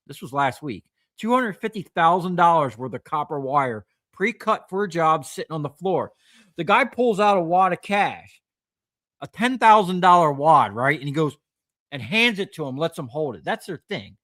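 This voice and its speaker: A man's voice: fairly high pitch, fairly bright tone, no echo, studio quality. A man who runs a scrap metal recycling business, chatting casually on a livestream and rambling through stories about his trade. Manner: rambling storyteller, acts out quoted customers.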